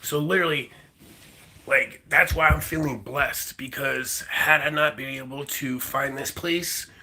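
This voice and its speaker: A man's voice: medium pitch, measured pace, bright, forceful tone, rough recording. A young man telling a long rambling story in a casual vlog, full of fillers and repeated words. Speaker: vlogger.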